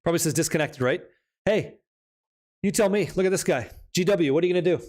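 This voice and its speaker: A man's voice: on the high side, fast talker, a little mellow. A young man hosting a live stream, reading chat aloud and joking in a casual, hyped way with some swearing. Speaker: streamer host.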